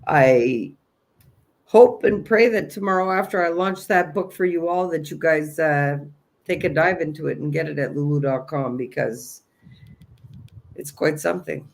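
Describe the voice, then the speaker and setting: Male host, slightly high voice, earnest and encouraging, motivational self-help delivery. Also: measured pace, gravelly. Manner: earnest, encouraging, repeats key phrases. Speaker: host of a spiritual livestream.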